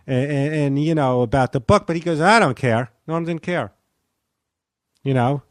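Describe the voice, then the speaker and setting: A man's voice: on the high side, moderate pace, darkish tone, no room sound, studio quality. A man on a podcast telling a meandering story, full of restarts and hesitations. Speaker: comedian guest. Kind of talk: casual podcast chat.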